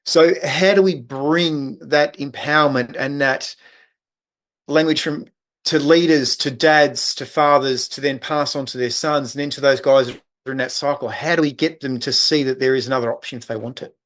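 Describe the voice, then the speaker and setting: Measured man asking a question. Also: medium pitch, fairly even intonation, a bit bright. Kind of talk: interview question.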